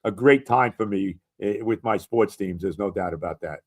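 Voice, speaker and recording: A man appearing as a weekly guest in a sports chat, talking in a halting, rambling way. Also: fairly low pitch. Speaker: radio personality, weekly guest.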